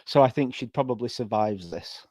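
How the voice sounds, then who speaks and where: A man's voice: medium pitch, animated, normal speed, a little mellow, no room sound. A man with a Yorkshire accent from England, a guest in a casual live reaction chat, chatty, giggly and opinionated. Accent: Yorkshire (Sheffield). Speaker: guest co-host.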